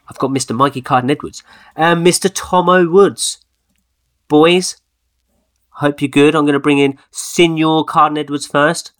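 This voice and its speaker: Man, podcast host, playful, slightly high voice, faint music. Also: steady tone, normal speed, dry recording, studio quality. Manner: jokey, playful. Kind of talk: casual chat.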